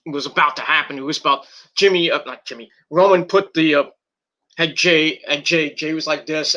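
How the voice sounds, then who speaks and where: A man with a very bright, sharp-edged voice sitting slightly high for a man talks through a wrestling match. He rambles casually, stumbling over restarts and fillers and swearing freely. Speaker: wrestling reviewer. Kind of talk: casual recap and commentary.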